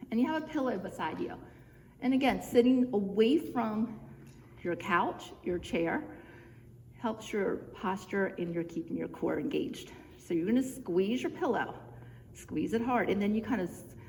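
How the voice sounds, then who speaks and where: A woman's voice: medium pitch, a little mellow. Breathless woman leading home exercises. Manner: encouraging, chatty, cueing moves step by step. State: a bit out of breath. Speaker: fitness instructor. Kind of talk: guided home exercise instruction. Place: church room, indoors. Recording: reverberant room with faint background noise.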